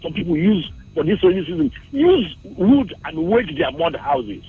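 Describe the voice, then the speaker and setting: A man's voice: sits high, huge pitch swings, moderate pace, creaky. A Nigerian man calling in to a radio show, agitated and repeating that he is angry. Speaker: caller. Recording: tinny phone line.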